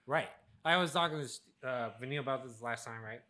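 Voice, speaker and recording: A young man with a bright, forceful voice chats casually as a podcast co-host. He tells stories about his past, acts out his old self and laughs often. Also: mid-range voice, fairly quick. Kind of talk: casual chat.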